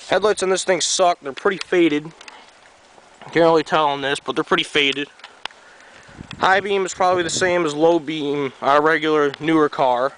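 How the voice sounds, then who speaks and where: A man's voice: on the high side, a bit bright, a little hiss or hum, poor audio. A young man from New York with a slight Southern tinge, a little sick, rambling offhandedly outdoors in the cold while showing his truck to a handheld camera. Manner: offhand, rambling, swears casually. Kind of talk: casual rambling walkaround.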